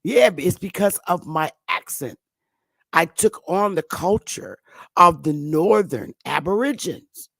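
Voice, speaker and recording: A woman's voice: on the low side, lively intonation, measured pace, creaky, fairly bright tone, no echo. New york lady ranting on her show, repeats herself a lot, swears, dead dry sound. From northern United States. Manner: emphatic, repetitive, profane. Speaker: commentary host. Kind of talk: casual opinion monologue.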